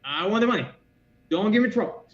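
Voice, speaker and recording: A man's voice: high-pitched, lively intonation, fast, fairly bright tone, voice pushed up. A man putting on a stammering jittery mugger. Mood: demanding. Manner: stammering, pushy, raised voice. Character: jittery male mugger demanding money. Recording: echoey, dull lo-fi sound.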